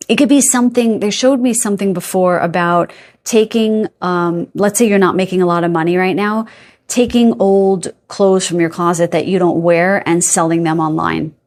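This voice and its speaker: A woman's voice: fairly low pitch, steady tone, moderate pace, a little mellow. A woman giving a casual pick-a-card tarot reading, chatty and rambling, often checking in with "okay?" and "right?". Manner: rambling with playful filler sounds.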